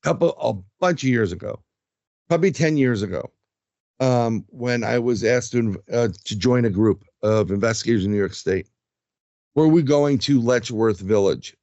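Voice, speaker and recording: A man's voice: medium pitch, normal speed, dry recording, highs cut off. A man who investigates the paranormal, telling his experiences in a casual interview and acting out what others said. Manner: animated storyteller, acts out quotes.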